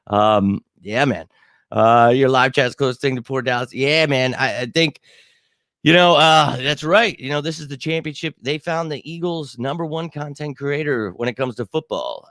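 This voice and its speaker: A man's voice: medium pitch, a bit bright, no room sound. A man hosting a casual live sports stream, cocky and rambling, full of fillers and asides to his viewers. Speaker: sports channel host.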